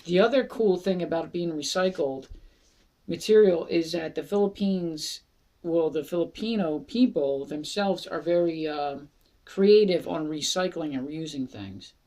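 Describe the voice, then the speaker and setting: This relaxed Philadelphia speaker talks through a wine for a casual product review vlog, chatty and jokey, self-deprecating and laughing, leaving plenty of time between ideas. Pitch sits in the middle of the speaker's range, and the tone is warm.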